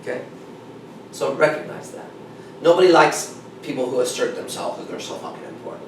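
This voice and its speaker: A dating coach gives a seminar talk to a small group, blunt, emphatic and swearing heavily. His voice is medium-pitched and a little fast, recorded in an echoey room with a distant mic and faint noise.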